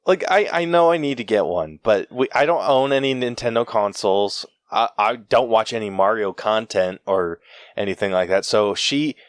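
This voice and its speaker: A young man co-hosting a podcast, telling a laughing, animated anecdote in casual chat, full of fillers and restarts. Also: fairly low pitch, moderate pace, no room sound, studio quality. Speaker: podcast co-host.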